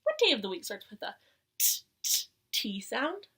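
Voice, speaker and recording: Bright, sing-song preschool teacher woman. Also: on the high side, husky. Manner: animated sing-song teacher voice with gasps and drawn-out words; often drops to a soft whisper. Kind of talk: circle time lesson for young children. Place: at home.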